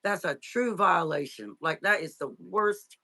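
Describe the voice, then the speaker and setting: A middle-aged woman, an interview guest, telling her life story in a halting, tearful way with many fillers and restarts. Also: on the low side, pushed and bright. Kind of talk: emotional personal storytelling.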